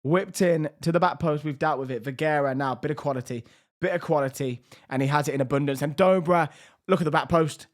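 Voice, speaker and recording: Young male game commentator, slightly high voice, strained, swings hushed to excited. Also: a little fast. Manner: lively, shifts between hushed and excited. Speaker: gaming YouTuber.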